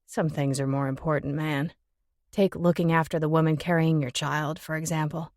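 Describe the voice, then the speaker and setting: A woman's voice: sits low, level tone, moderate pace, darkish tone, dry recording, clean studio sound, pitched below the performer's own voice. Woman doing a scoffing young rocker guy. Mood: lecturing. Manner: scoffing, needling. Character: blunt mocking young male rock musician.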